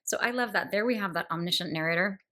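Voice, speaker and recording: A woman's voice: fairly low pitch, quick pace, pushed and bright. A woman hosting a book podcast, talking through a novel with admiring enthusiasm and thoughtful asides. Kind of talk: literary discussion monologue.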